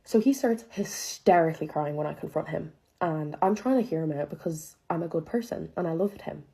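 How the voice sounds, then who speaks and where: A woman's voice: low-pitched, brisk, warm tone. A young woman telling a dramatic personal story in a casual, profane way, full of filler words and disbelief. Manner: profane, chatty, heavy use of filler "like"; incredulous, dramatic retelling.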